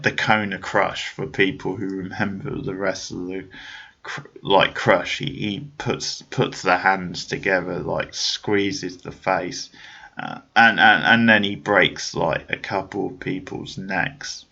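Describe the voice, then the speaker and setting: A man with a low, fairly bright voice and vocal fry hosts a podcast, chatting casually about a film. He rambles, with many restarts and fillers, and the sound is lo-fi.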